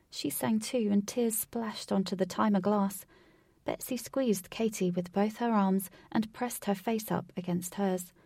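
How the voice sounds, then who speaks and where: A woman narrating a storybook aloud in a steady, measured reading, recorded from a distance from the microphone. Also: mid-range voice, gravelly, breathy edge, no room sound. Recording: distant from the mic, dry.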